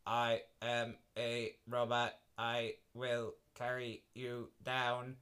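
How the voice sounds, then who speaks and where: A man voicing a simple, helpful robot in a bedtime story with short, flat statements. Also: mid-range voice, very slow, smooth. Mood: plain.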